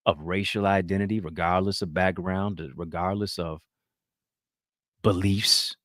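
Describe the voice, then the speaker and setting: Brief: male talk show host, low voice, dry close sound, rousing preacher-like delivery. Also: dry recording. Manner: emphatic, preacher-like rhetoric. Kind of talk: motivational commentary.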